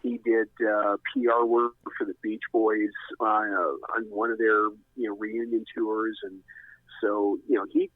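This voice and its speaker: A man's voice: lowish voice, husky, dry recording. A middle-aged man telling a long story as a guest, rambling and restarting often. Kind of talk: casual storytelling. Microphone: phone. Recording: tinny, dry phone line.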